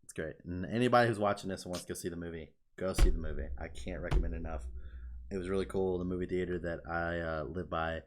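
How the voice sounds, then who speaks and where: A young man co-hosting a casual podcast, retelling scenes in an animated way, swearing freely and breaking into silly voices. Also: low-pitched, fast talker, background noise. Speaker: podcast co-host.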